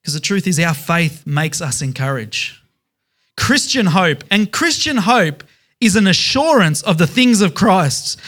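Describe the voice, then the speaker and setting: A man's voice: sits high, expressive, normal speed, a bit bright. A man preaching a sermon as pastor, emphatic, stressing words in repeated lists.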